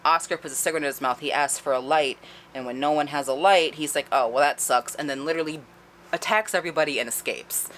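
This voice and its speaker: A woman with a low voice recaps a book's plot in a loose, conversational way. She swears freely and laughs as she goes. A faint background noise sits under her voice. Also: fast talker, a bit bright. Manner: chatty, profane, laughing as she retells. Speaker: book reviewer. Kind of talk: casual spoiler-filled book recap.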